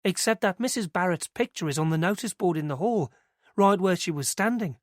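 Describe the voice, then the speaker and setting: A woman's voice: fairly low pitch, lively intonation, brisk, no echo, studio quality, voice pushed up, natural voice. A man voicing a young woman who works at a nursery, telling what she saw in a chatty, hesitant, rambling way. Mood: earnest, unsure. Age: young adult. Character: young British nursery worker, eager, nervous.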